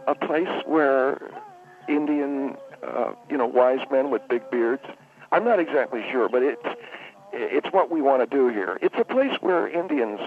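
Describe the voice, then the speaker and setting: Rambling man on a tinny phone line. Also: medium pitch. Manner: rambling, stammering, self-correcting. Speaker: spa owner guest on the phone. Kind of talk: comedic radio phone-in. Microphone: telephone.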